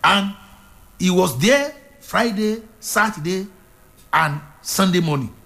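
A man's voice: high-pitched, animated, slow pace, vocal fry, sharp tone. A man preaching a sermon, retelling a Bible story with fervent, dramatic delivery and repeated phrases.

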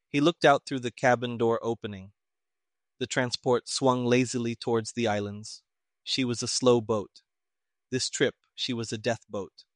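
A man narrating a story in a measured, even way. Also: lowish voice, no room sound, studio quality.

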